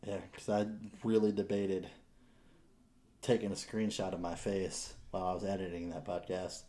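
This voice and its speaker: A man's voice: deep voice, flat delivery, warm tone. A man hosting a podcast in casual chat, joking, swearing freely and laughing often. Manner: profane, joking, quick to laugh. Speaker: podcast host.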